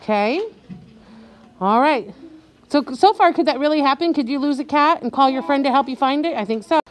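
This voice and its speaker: A woman teacher leading a reading lesson for young children, talking slowly and clearly and drawing out each word patiently. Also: high-pitched, animated.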